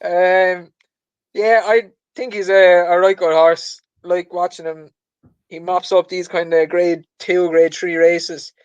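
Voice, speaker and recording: A man's voice: high-pitched, flat delivery, slow, smooth, dry recording, muffled recording. A man co-hosting a podcast, talking casually about betting in an easygoing, self-deprecating way. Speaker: podcast co-host.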